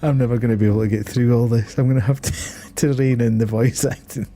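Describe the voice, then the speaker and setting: A man's voice: medium pitch, steady tone, fast talker, dark tone, soft background music. A man streaming a first game playthrough live, chatty and self-mocking, laughing at his own voices.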